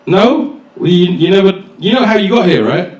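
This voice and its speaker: A man's voice: high-pitched, expressive, normal speed, very noisy. A man doing stand-up, swearing freely and teasing the audience. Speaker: stand-up comedian. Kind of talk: stand-up comedy set with crowd work. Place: comedy club stage. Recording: echoey club, distant mic, loud audience.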